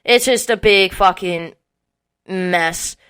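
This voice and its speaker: A woman in her early twenties on a podcast, telling a long story in casual chat, animated and swearing often. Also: on the low side, slow, clear, resonant tone. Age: early 20s. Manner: animated, swearing often, acting out quotes with laughs. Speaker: podcast co-host.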